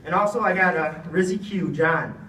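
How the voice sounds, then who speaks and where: A man's voice: high voice, moderate pace, pushed and bright, a little hiss or hum. A young man giving a heartfelt, rambling thank-you speech with many fillers. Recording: echoey room, speaker far from mic.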